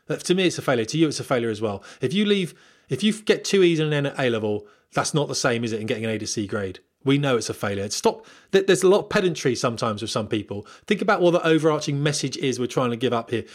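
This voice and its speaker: A man talks straight to his viewers at a brisk clip, sharing blunt career advice from his flying days. His delivery is candid and rambling, full of fillers, restarts and asides. His voice sits in an ordinary middle register. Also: mid-range voice, expressive. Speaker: former military pilot giving career advice. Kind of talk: casual monologue to viewers.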